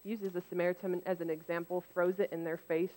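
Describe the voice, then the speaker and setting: A woman giving a casual, conversational sermon, turning lively when she acts out what others said. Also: on the low side, quick pace. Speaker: preacher. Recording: long reverb in a hall.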